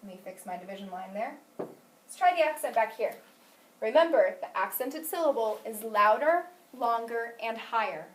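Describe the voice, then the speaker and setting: A woman's voice: a little high, animated, moderate pace, slight background noise. A woman teaching a phonics lesson, asking questions and praising answers patiently. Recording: echoey room, mic at a distance.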